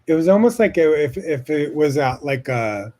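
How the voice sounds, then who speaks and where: A man's voice: on the high side, lively intonation, normal speed, warm tone. A man hosting a solo podcast, talking in a casual, rambling way with lots of fillers and swearing. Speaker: podcast host.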